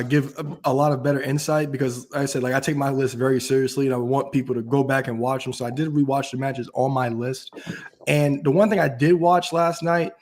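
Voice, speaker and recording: A man co-hosting a wrestling podcast, talking as an enthusiastic and emphatic fan. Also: a little high. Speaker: podcast co-host. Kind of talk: casual wrestling chat.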